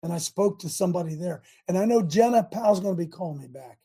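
A man's voice: high-pitched, animated, fast talker, warm tone, breathy edge. An older American man hosting a talk show, rallying listeners in a rambling, preachy monologue with many restarts.

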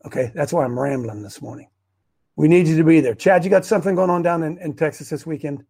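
Rambling livestream host, gravelly male voice a bit high, talking off the cuff to his group on a webcam. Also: fast talker. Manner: rambling, excitable, self-interrupting. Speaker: host of a preparedness group show. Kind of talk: rambling casual livestream talk. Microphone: webcam on a wobbly stand.

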